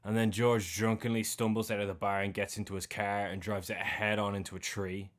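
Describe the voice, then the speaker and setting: Irish lad on a film podcast, lowish voice, running through the plot all chatty and animated. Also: male voice, a little fast. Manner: retells scenes animatedly with slang and swearing. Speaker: podcast co-host. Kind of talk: casual film recap chat.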